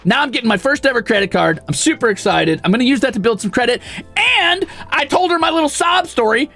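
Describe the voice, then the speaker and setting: A man's voice: high voice, creaky. A young man chatting casually on stream, telling a story with lots of swearing and acted-out quotes. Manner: profane, animated storytelling with voiced quotes. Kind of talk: casual chat. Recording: faint music behind.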